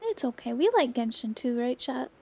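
High-pitched bubbly woman streamer, slightly hoarse. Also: expressive, normal speed, dark tone. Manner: bubbly, greets viewers by name. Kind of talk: casual livestream chat.

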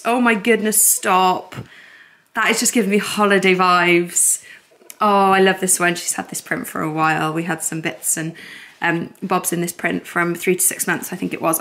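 A young woman chatting casually to a handheld phone camera at home, gushing and excitable as a family vlogger. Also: fairly low pitch, moderate pace. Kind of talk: casual vlog chat to camera.

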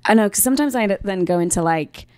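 A young British woman, a podcast guest, chatting in a relaxed, digressive way and laughing easily. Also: mid-range voice, quick pace, clean tone, no room sound, clean studio sound. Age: young adult. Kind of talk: casual chat.

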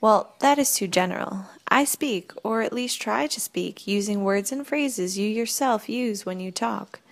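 A woman reading as a calm, wise young forest woman. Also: mid-range voice, measured pace, gravelly. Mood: patient. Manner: patient, gently explaining. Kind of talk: audiobook reading.

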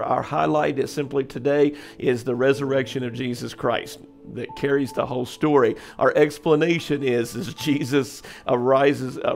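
A man's voice: medium pitch, creaky, a little mellow. A man teaching as a church pastor in a devotional, earnest and conversational, with many fillers and restarts.

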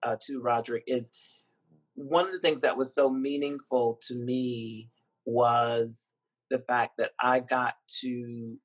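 A man, a filmmaker and dean, speaking on a video call in a reflective, emotional way with frequent pauses and soft laughs. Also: mid-range voice, steady tone, rough recording. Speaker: documentary filmmaker and university dean. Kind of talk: virtual interview conversation.

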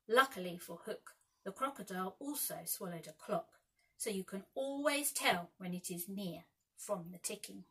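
Husky woman reading a children's story. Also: medium pitch, moderate pace, rough recording. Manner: expressive, lively storytelling. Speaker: teacher.

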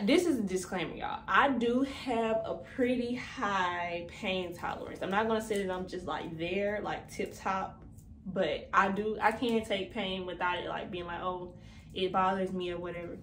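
A young woman in her twenties vlogs casually, slightly out of breath, calling viewers "y'all" often and using many fillers. Her mid-range voice is a bit bright and a little slow, in an echoey room with faint background noise.

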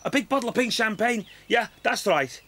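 A woman's voice: fairly high pitch, animated, moderate pace, fairly bright tone. A sheepish husband in a cartoon, forever stammering out excuses, as a woman acts him out. The voice sits raised and swings up and down, with a faint hiss behind it. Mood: awkward. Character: nervous cheating husband on honeymoon.

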